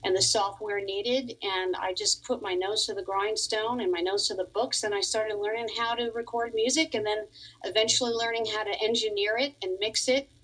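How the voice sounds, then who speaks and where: A woman's voice: mid-range voice, steady tone, moderate pace, fairly bright tone, breathy edge, rough recording. A woman in her forties from Long Island chats easily as a guest on a radio interview. She is a musician and piano teacher who laughs often while telling her story. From Long Island, New York.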